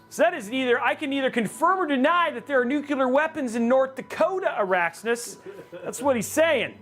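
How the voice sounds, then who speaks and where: Brief: high, lively male streamer, casual and excitable, mock-rage yelps, faint music underneath. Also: normal speed. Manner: excitable, reads chat aloud, loud outbursts of mock rage. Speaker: livestream host building a gaming PC. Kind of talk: casual live-stream chat.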